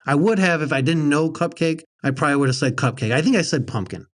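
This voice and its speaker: A man's voice: fairly high pitch, animated, quick pace. A man hosting a podcast in casual chat, blunt and joking as he tells stories to his co-host. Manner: brash, joking, blunt storytelling.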